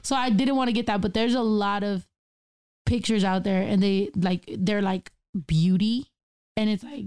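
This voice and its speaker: A woman chatting casually among friends, loud and profane, laughing through her stories. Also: medium pitch, normal speed, smooth.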